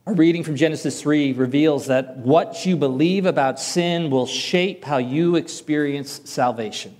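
A man's voice: fairly high pitch, a little mellow. A man preaching a sermon in a conversational way, with light self-deprecating humor, from the Northern US.

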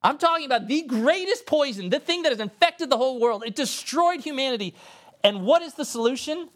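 His voice is a bit bright, slightly quick, and lively in intonation as he preaches. The male pastor is emphatic and sincere, speaking straight to the congregation in a conversational tone and suddenly rising in pitch and tempo to drive points home.

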